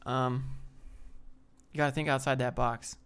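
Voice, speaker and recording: A man's voice: mid-range voice, flat delivery, measured pace, a bit bright, clear, resonant tone. A man on a live stream, casually reading chat and giving laid-back, rambling career advice. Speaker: streamer answering viewer chat.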